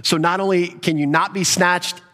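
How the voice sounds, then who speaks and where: A man's voice: sits high, fairly even intonation, normal speed, pushed and bright. A man preaching an emphatic expository sermon, retelling a conversation and explaining Greek words from the text. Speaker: pastor.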